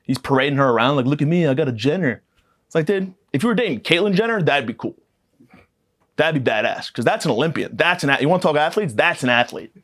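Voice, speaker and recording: A man's voice: fairly high pitch, expressive, quick pace, fairly bright tone. A young man hosting a podcast, delivering a profane, mock-aggressive comedic rant that rambles from point to point. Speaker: podcast host.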